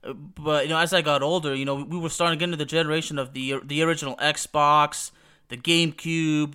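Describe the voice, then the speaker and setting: A man's voice: fairly high pitch, bright, forceful tone, clear, resonant tone. A young man hosting a podcast, rambling casually through nostalgic memories with many restarts and fillers. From Texas. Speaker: podcast host.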